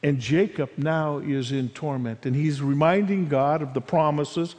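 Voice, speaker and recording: A man preaching a sermon, retelling a story as he voices its figures and swings between loud and hushed passages. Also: a little high, unhurried, long reverb tail. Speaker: pastor.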